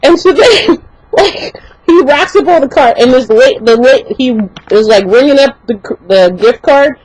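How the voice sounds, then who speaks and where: Young woman ranting, high voice. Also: a little slow, slightly rough, poor audio. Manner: exasperated, animated, lots of "like" fillers. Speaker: vlogger. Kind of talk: casual ranting story to camera.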